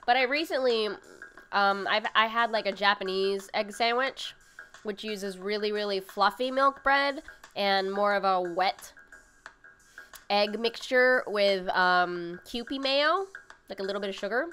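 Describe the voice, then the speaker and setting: Bright, chatty woman streamer. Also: mid-range voice, a little slow. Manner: chatty and rambling, with frequent fillers. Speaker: livestream cooking host. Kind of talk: casual chat reading viewer comments. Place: home livestream setup.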